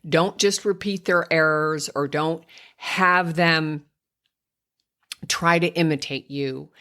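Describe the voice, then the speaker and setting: An older woman, a speech therapist hosting a podcast, patiently explaining to parents how to help toddlers speak clearly. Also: low-pitched, fairly even intonation, slow, a bit bright. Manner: patient, explanatory, slips into exaggerated child-directed speech when modeling. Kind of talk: instructive podcast talk to parents.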